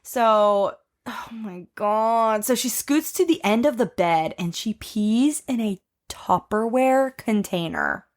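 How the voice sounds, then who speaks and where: A woman's voice: a little high, takes it slowly. A woman co-hosting a podcast in casual chat, chatty and blunt, swearing freely as she recaps a show. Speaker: podcast co-host.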